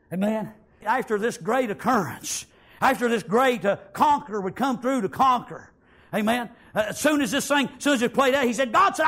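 This high-pitched man preaches a fiery revival sermon in church, and nearly every line he delivers is punctuated by "amen" or shouted praise.

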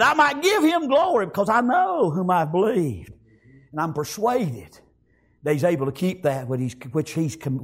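A man preaching a sermon, rising to shouts and dropping to quiet, punctuating with "amen". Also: slightly rough. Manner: swings from shouted high peaks to low quiet passages, frequent "amen".

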